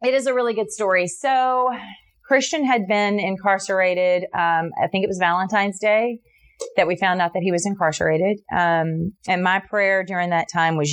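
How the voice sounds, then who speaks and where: Middle-aged woman, lowish voice, telling her story in an interview, lots of ums and restarts, acts out the quotes. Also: normal speed. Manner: earnest, animated retelling with many fillers and restarts; voices others in quotes, jumping high for her own reactions. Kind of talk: personal testimony storytelling.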